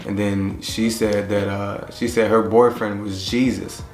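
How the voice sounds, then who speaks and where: A man with a fairly low voice tells a laid-back story, pausing often and acting out the dialogue. The room echoes around him, and faint music plays underneath. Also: flat delivery, a little mellow. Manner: laid-back, halting retelling that acts out dialogue. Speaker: husband telling how the couple met. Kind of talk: casual storytelling. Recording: roomy echo with faint music.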